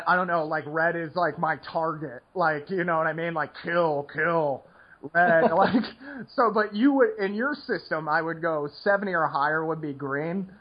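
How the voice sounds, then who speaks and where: A man with a slightly high, husky voice hosts a poker podcast, recorded with lo-fi sound. He rambles casually, saying "like" a lot and often restarting his sentences.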